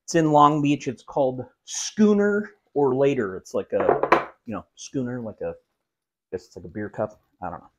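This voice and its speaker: A man's voice: medium pitch, moderate pace, heavy background noise. Joking man hosting a cooking vlog. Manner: joking, self-mocking asides while cooking. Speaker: cooking show host. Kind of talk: casual cooking vlog chat. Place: home kitchen.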